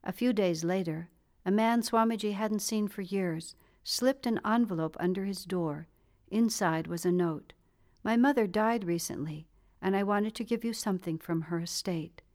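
A woman narrating a spiritual memoir in a calm, even storytelling manner, reading the quoted dialogue lightly. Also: mid-range voice, normal speed. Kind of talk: scripted audiobook narration.

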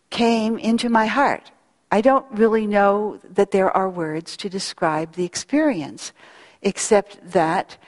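Middle-aged woman, spiritual speaker; unhurried, reflective delivery; hall reverb. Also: medium pitch, darkish tone. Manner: earnest, reflective, slow pauses. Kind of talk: devotional talk with storytelling.

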